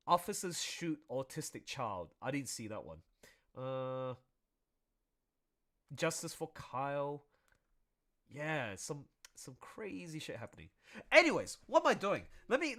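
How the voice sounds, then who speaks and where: A man talks casually while he draws on a live stream, rambling from one thought to the next. His pitch swings widely as he reacts, and the chat stays loose and animated throughout. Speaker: artist streaming while drawing.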